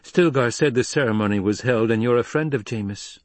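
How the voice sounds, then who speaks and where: A man voicing a proud, anxious young desert widow in a storybook reading, pitched above his own voice. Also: brisk, no room sound, natural voice. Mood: wary.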